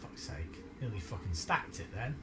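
A man's voice: on the low side, moderate pace, very noisy. A man chatting casually and swearing a lot while playing a game on a live stream. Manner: sweary, excitable, laughs often.

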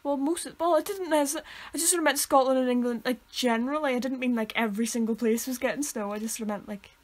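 A woman's voice: sits high, fast. Chatty young Northern Irish woman. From Northern Ireland. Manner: rambling, self-correcting storyteller. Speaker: podcast co-host. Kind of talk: casual chat.

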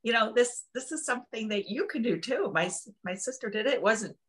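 A woman's voice: fairly high pitch, lively intonation, brisk, fairly bright tone. A woman co-hosting a casual podcast, supportive and conversational, often trailing off with "you know". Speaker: guest's sister, co-host.

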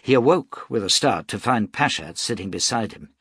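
Male audiobook narrator, measured dramatic delivery, husky voice, dry close sound. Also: fairly low pitch, animated, a bit bright, no room sound.

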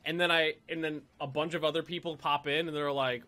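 A man's voice: a little high, little pitch movement, brisk, pushed and bright. A man casually commenting as he plays a strategy game on stream, chatty and playful, swearing and repeating himself as he thinks. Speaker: let's play streamer.

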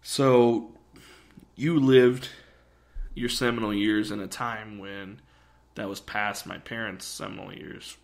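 A young man co-hosting a podcast, talking in a rambling, animated way. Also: fairly low pitch, takes it slowly, creaky. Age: young adult. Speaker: podcast co-host. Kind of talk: casual chat.

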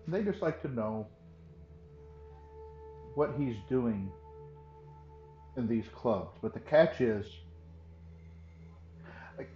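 A man narrating as game master in a tabletop game, relaxed and explanatory. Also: medium pitch. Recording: roomy, dull lo-fi sound with faint music.

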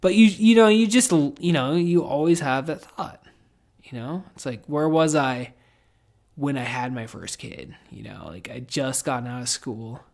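A man's voice: mid-range voice, lively intonation, a little slow, creaky, darkish tone. A man hosting a podcast in casual, reflective chat, rambling with lots of filler words and swearing. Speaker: podcast host.

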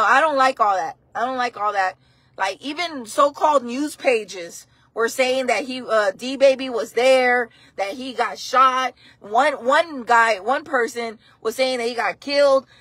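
Chatty woman on a bright, dry live stream. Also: sits high, husky, no room sound. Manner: chatty, rambling, repeats herself, greets viewers. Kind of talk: casual live-stream chat.

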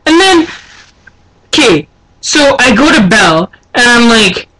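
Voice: mid-range voice, sing-song, slow, pushed and bright, rough recording. A young adult vlogger complaining in an indignant, exasperated casual rant. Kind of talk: casual ranting vlog.

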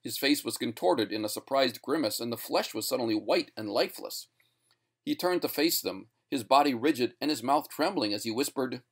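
A man giving a scripted narration of a short story with a steady storytelling delivery. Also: medium pitch, normal speed.

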